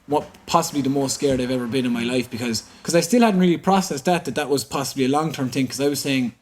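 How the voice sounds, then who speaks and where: A man in his thirties with a Cork Irish accent, telling a personal story openly as a podcast guest, halting and full of fillers. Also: mid-range voice, darkish tone. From Ireland. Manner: open, halting, repeats himself with many fillers. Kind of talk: candid storytelling. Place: indoor room in San Francisco.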